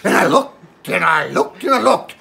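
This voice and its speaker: A woman's voice: medium pitch, big pitch swings, normal speed, a bit bright, full character voice. A woman voicing a boastful old male pirate captain who spins a rambling, theatrical yarn in a comedy sketch. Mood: excited. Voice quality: gravelly.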